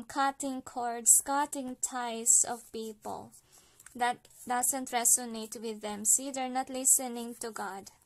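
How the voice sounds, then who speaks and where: A woman from the Philippines giving a casual spoken card reading, chatty, with many fillers, often ending her points with "okay?". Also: on the high side. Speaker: card reader.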